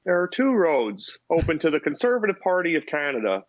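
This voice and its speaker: A man's voice: on the high side, sing-song, fairly quick, no echo. A man putting on the voice of a stiff middle-aged politician, reading a statement formally over a dull, lo-fi remote line. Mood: pompous.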